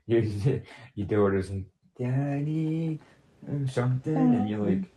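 A man's voice: medium pitch, wildly swooping pitch, takes it slowly, vocal fry, mellow. A man chatting casually in a group voice call, rambling and swearing freely.

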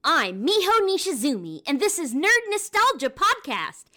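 A woman voicing a cheerful young anime schoolgirl tank commander in a recorded shout-out clip, with a bubbly, giggly delivery. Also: extremely high pitch, sing-song, moderate pace, heavily acted.

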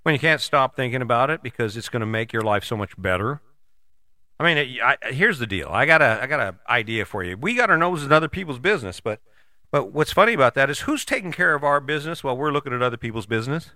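A man in his sixties talks straight to the listener in a bright, forceful voice that rises and falls with a lot of life. He speaks blunt, folksy and a little profane, as in a motivational podcast. The sound is close and dry. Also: medium pitch, expressive, fast talker, dry recording. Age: 60s. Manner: blunt, folksy, swears casually, jumps between voices for imagined people. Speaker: podcast host. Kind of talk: motivational monologue.

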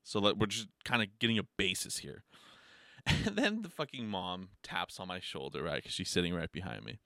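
A man's voice: low voice, fairly quick, vocal fry, dry recording, clean studio sound. A man telling a story in a casual, rambling monologue, swearing a lot and filling his talk with "like" and "you know.". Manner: profane, heavy filler words, rambling; animated storytelling with laughs.

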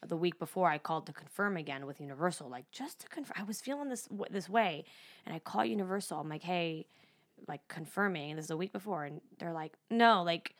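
A woman in her thirties telling a story on a podcast, fast and expressive, acting out the voices of the people she quotes and swearing freely. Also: on the low side. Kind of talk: animated casual storytelling.

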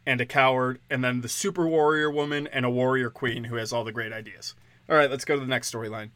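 A man with a sharp-toned, medium-pitched voice rants crudely on a podcast, recorded with no echo. He is sardonic and profane, mocking as he goes and slipping into sarcastic quoted voices.

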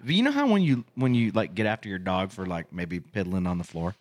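Podcast guy telling a coaching story, voice jumps all over, yells out the quotes. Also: sits low, lively intonation, a little fast. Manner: acts out his own yelling in loud quoted bursts. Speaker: podcast co-host and youth football coach. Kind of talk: casual chat, animated storytelling.

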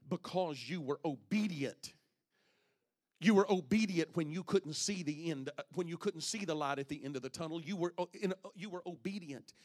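A man preaching a sermon to his congregation, reading scripture aloud and calling out to the listeners, swinging between loud passages and hushed ones. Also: a little high. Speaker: pastor.

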